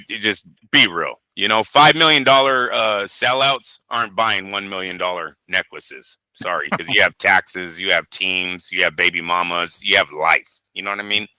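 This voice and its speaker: A man's voice: deep voice, sharp tone, dry recording. A man co-hosting a boxing talk show in casual chat, blunt, sarcastic and profane.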